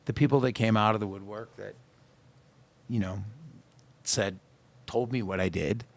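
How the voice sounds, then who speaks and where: A man's voice: fairly low pitch, normal speed, creaky. A man, a singer, telling personal stories in a radio studio interview and acting out the lines of people in them. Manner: animated storyteller acting out quoted dialogue. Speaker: singer-songwriter guest.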